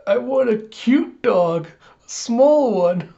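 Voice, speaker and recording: A small, excitable little girl with a bright, chirpy delivery and a voice pitched up well above an adult's, as a man puts her on. The sound is dull and lo-fi, like a home recording. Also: measured pace. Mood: childlike. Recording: dull lo-fi audio.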